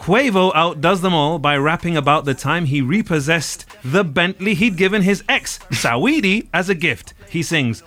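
A man's voice: a little high, expressive, moderate pace, few pauses, a bit bright. Wry rambling man hosting a podcast. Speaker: podcast host. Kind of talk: casual podcast chat about music.

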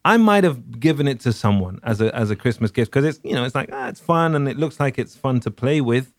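A man's voice: medium pitch, expressive, fairly quick, dry recording, studio quality. A man co-hosting a podcast, chatting casually and rambling with many fillers and restarts. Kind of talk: casual chat.

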